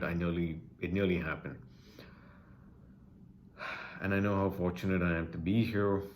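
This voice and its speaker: A man with a very low, deep voice talks straight to his viewers with heartfelt urgency. He sounds emotional, pleading, and leans on repeated phrases to drive each point home. Faint room ambience sits quietly behind him. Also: a little hiss or hum. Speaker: vlogger sharing personal experience. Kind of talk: earnest personal address to camera.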